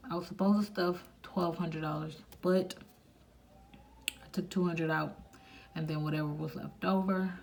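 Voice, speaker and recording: A woman hosting a budgeting vlog, quietly counting cash aloud and chatting casually to viewers between counts. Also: low voice, gravelly. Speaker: budgeting channel host. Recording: noisy home recording.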